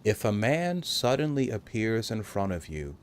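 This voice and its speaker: A man hosting a provocative monologue, talking slowly and graphically, mocking in a raised voice at times and addressing listeners as gentlemen. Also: fairly low pitch, sing-song, a little hiss or hum. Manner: slow, graphic, mocking, acts out taunts in a raised voice. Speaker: podcast host.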